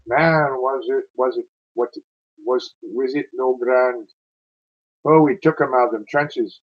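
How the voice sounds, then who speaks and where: A man voicing a plucky wounded young Scottish soldier piper, in a put-on Scottish accent, with a slow, earnest, halting delivery. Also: mid-range voice, highs cut off, voice pushed up. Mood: pleading.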